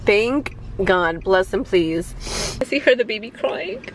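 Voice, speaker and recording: A woman's voice: medium pitch, expressive, slow pace, a little hiss or hum. A woman vlogging from her car about her day as a mom, talking in an emotional, rambling way and tossing in Spanish words. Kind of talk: emotional personal vlog. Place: in a parked car.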